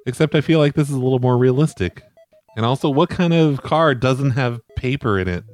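A man hosting a prank call show, calm, dry and mocking as he teases an angry caller. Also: medium pitch, brisk, faint music behind.

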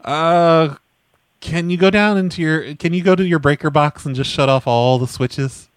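A man's voice: on the high side, moderate pace, smooth, no echo, studio quality. A man making a prank phone call as a fake technician, asking silly, childish questions with frequent stammers. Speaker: prank caller posing as a technician.

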